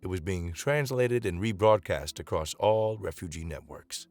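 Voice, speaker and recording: Low-voiced man narrating sci-fi. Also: a little mellow, no echo, faint music behind. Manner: dramatic, measured reading. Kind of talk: dramatic sci-fi story narration.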